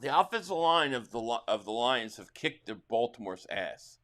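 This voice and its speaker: Chatty Jersey-accented man with a lively voice. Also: mid-range voice, normal speed. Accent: New Jersey. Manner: rambling chat with chat readers, bursts into excited play calls. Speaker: livestream host reacting to a football game. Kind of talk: casual live-stream reaction and play-by-play.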